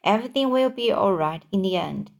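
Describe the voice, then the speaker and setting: A woman voicing an old male grasshopper who speaks in a measured, reassuring way. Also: medium pitch, animated, gravelly. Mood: calm. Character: old green male grasshopper, calm elder.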